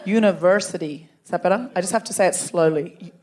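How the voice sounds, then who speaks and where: A woman's voice: lowish voice, quick pace, a little mellow. A woman hosting a live comedy show, bantering playfully and teasing the audience from a theatre stage. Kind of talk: live stand-up crowd work.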